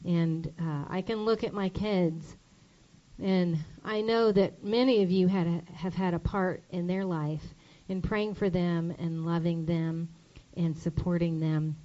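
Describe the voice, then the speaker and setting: A woman's voice: fairly low pitch, fairly even intonation, a little slow, mellow, muffled recording. A middle-aged woman pastor giving an emotional, grateful speech from the church stage, repeating her thanks.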